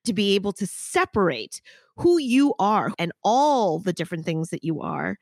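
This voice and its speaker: A woman's voice: medium pitch, sing-song, moderate pace, a little mellow, no echo. A woman hosting a podcast, talking frankly and reflectively in long runs, cursing casually. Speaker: podcast host. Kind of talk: casual interview chat.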